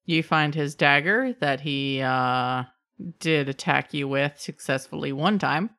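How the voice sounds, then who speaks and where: A woman runs a tabletop game as game master, narrating at a brisk clip and laughing easily. Her voice sits fairly low. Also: a bit bright.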